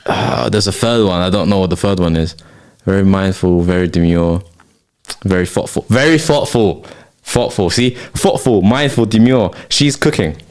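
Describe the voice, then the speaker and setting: A man's voice: low voice, moderate pace. A young man, hosting a casual late-night chat podcast, ranting with plenty of slang and swearing. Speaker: podcast host.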